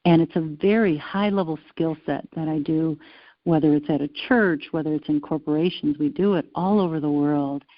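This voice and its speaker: A woman talking as an interview guest, telling stories with an animated, playful manner, on a dull lo-fi recording. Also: sits low, moderate pace, no room sound. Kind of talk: casual interview conversation. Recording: dull lo-fi sound.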